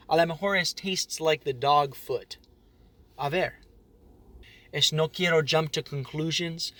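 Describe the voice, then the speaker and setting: A man's voice: on the high side, fairly bright tone. A man voicing a hammy male food critic who mixes Spanish and English, in a theatrical drawl.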